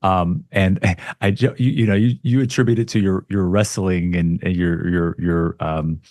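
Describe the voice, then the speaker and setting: A low-voiced man from Las Vegas speaks as a podcast guest in a casual chat. His talk is earnest and halting, full of restarts, and the sound is dry and close. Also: steady tone, darkish tone, no echo. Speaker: guest, sales expert.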